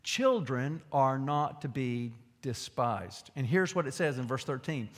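Pastor preaching in a reverberant hall. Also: male voice, expressive, unhurried. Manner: conversational preaching, drops to a low aside and rises with emphasis. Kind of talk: sermon.

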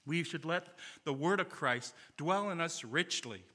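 A man preaching a sermon, his voice very bright and sitting a little high for a man. He speaks earnestly and tells stories with quoted dialogue, and long church-hall reverb trails after each phrase. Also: animated, measured pace. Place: church sanctuary.

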